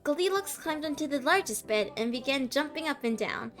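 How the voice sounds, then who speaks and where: Giggly high-voiced woman streamer. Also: lively intonation, fairly quick, fairly bright tone. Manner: giggly, stumbles over words. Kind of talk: reading a fairytale aloud on a live stream. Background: faint background music.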